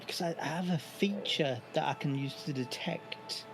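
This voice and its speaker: A man's voice: fairly high pitch, normal speed, gravelly, faint music behind, poor audio. A man playing a tabletop game, chatting casually and breezily explaining his character's abilities. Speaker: player.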